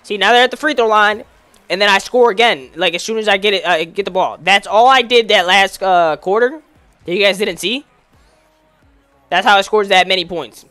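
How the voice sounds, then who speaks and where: Young guy hyped up narrating his basketball game, high bright voice, dry mic, lil music under it. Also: moderate pace, smooth, no room sound. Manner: excited, slangy, talks to the game as he plays. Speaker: gaming YouTuber. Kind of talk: casual gameplay commentary.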